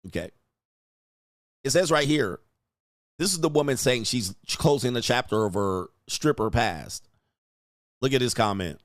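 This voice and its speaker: A man's voice: mid-range voice, animated, unhurried, pauses often, no room sound, studio quality. A man hosting a crude, mocking reaction commentary, laughing and sneering at the clips he reads out. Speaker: host reacting to online clips.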